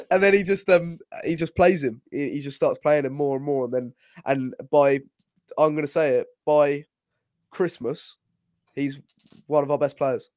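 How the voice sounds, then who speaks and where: A young man co-hosting a casual football podcast over a call, excitable and laughing easily, with casual swearing. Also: a little high, measured pace, no room sound, clean studio sound. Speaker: podcast co-host.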